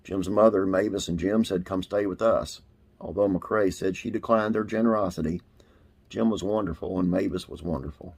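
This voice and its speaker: Guy hosting a trivia channel, deep gravelly voice, reads along casually w/ lots of uhs. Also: fairly even intonation, moderate pace, darkish tone. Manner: reads aloud with frequent "uh" fillers. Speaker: host of a classic TV trivia channel. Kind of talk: casual reading of an article.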